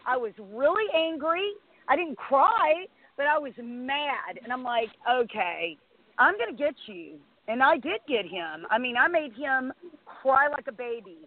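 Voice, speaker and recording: High-voiced middle-aged woman on a phone line. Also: a little slow. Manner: animated storyteller, acts out quotes. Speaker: host. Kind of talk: casual chat.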